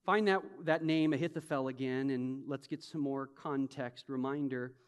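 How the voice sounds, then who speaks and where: A man preaching a sermon as pastor, emphatic, swinging from soft reflection to loud, urgent bursts and acting out imagined speakers. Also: medium pitch, fairly even intonation, normal speed, clear, resonant tone. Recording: long hall reverb.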